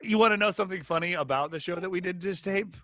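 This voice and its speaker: A man's voice: sits high, quick pace, fairly bright tone, dry recording, studio quality. A man co-hosting a casual chat, rambling with restarts and hesitations. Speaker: podcast co-host.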